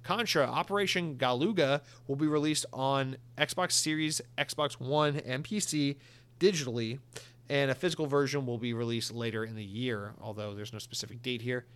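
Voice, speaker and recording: A man's voice: mid-range voice, normal speed, clear, resonant tone. A man hosting a solo gaming news podcast, chatty and joking, slightly out of breath. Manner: chatty, joking, animated asides. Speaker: podcast host.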